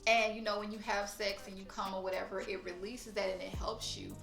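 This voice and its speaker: A woman's voice: medium pitch, little pitch movement, fairly quick, vocal fry, a bit bright, roomy sound, soft background music. A woman talking frankly and emotionally in a personal vlog, swearing casually. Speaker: vlogger. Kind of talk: candid personal vlog talk.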